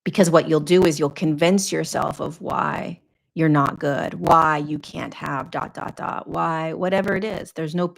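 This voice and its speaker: Woman host, spiritual teacher, low-pitched and gravelly, earnest coaching delivery with repetitions. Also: steady tone, measured pace. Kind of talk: live Q&A talk.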